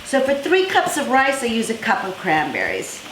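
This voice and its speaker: A woman's voice: on the high side, wildly swooping pitch, normal speed, fairly bright tone, roomy sound, a little hiss or hum. A woman hosting a cooking demonstration in a kitchen, talking viewers through each step in an effusive, enthusiastic, chatty way. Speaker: cooking show host.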